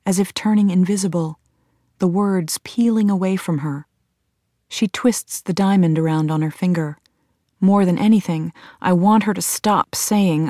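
A woman reading a first-person audiobook in a measured, tense storytelling manner. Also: fairly low pitch, mellow, no echo, studio quality. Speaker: audiobook narrator.

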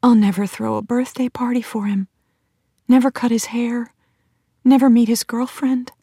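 A woman's voice: fairly high pitch, little pitch movement, normal speed, dark tone, husky, no room sound, clean studio sound, voice pushed up. A woman voicing a grieving young mother who speaks in tearful, half-whispered apologies.

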